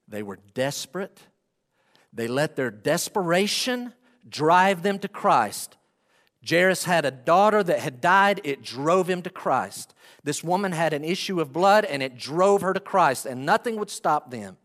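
A man preaching a sermon as pastor, swinging from hushed asides to loud pleading and acting out prayers. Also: on the high side, animated, a little slow, in a large hall.

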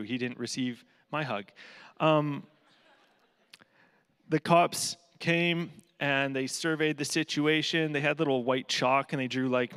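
A man's voice: medium pitch, a bit bright, clean tone, long reverb tail. A man giving a guest talk at a church, telling a story in a humorous, casual way. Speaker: guest speaker for a charity.

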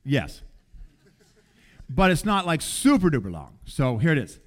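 Man in middle age, pastor preaching; slightly high voice, conversational and animated. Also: measured pace. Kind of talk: sermon.

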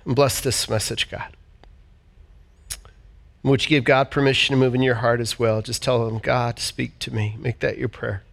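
A man's voice: mid-range voice, little pitch movement, moderate pace, creaky, long pauses. Earnest man praying in church. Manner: earnest, heartfelt, repeats phrases. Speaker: pastor. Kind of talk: sermon and prayer.

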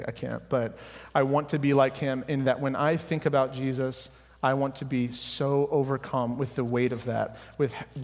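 A young adult man giving an earnest, personal sermon in a church, now and then restarting his words. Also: medium pitch. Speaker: preacher. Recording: hall reverb.

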